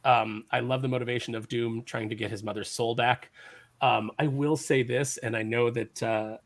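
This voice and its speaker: A man's voice: medium pitch, fairly even intonation, moderate pace, creaky, dry recording. A man chatting casually on a comics talk show, enthusiastic and rambling with many fillers. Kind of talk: casual chat.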